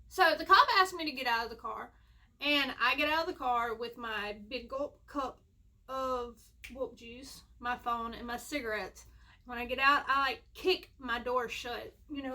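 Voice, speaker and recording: A woman's voice: a little high, sharp tone. A young woman, telling a rambling, self-mocking storytime at home. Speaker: vlogger. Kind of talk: casual storytime.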